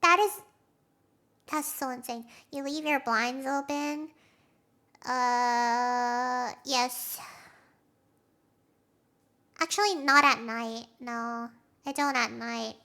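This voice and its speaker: Young woman streamer, high bright voice, rambling and excitable, acts out quotes. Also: extremely slow, long pauses. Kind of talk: casual chat with stream viewers.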